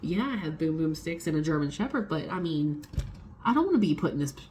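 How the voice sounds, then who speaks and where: A young woman vlogger telling a personal story in a casual, animated way, swearing freely and acting out the people she quotes. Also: low voice, quick pace, a little hiss or hum.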